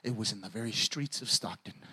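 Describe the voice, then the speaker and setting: A young man preaching a sermon, swinging from quiet storytelling to shouted preaching. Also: fairly low pitch, brisk, breathy edge.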